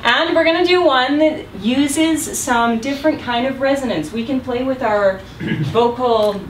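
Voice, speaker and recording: A woman's voice: high voice, measured pace. A woman leading a group voice workshop as an upbeat, encouraging guest speaker, in a meeting room. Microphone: distant room mic. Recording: roomy, distant, noisy room recording.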